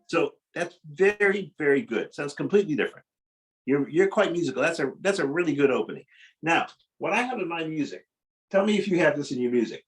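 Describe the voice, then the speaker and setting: In a poor-quality recording with loud piano in the background, a piano teacher gives a masterclass lesson in an expressive, somewhat fast, high-leaning voice. He's blunt and corrective, frequently halting the student to talk about dynamics.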